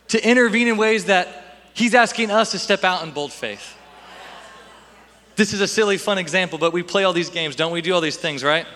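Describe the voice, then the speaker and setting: A young man preaching a sermon in a church hall, animated and acting out Bible scenes in voices. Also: high voice. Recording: long hall reverb.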